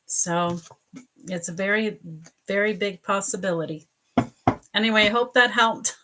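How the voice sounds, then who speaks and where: A woman's voice: medium pitch, a little slow, noisy background. Chatty woman reading for live viewers. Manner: chatty, repeats and restarts, greets viewers by name. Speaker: psychic reader on a livestream. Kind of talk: live-stream reading, casual chat with viewers.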